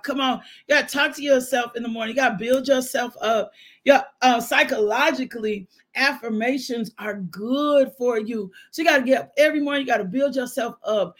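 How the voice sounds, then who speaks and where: A woman hosting a devotional podcast, preaching with exuberant shouts, whoops and call-and-response. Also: on the high side, a little fast.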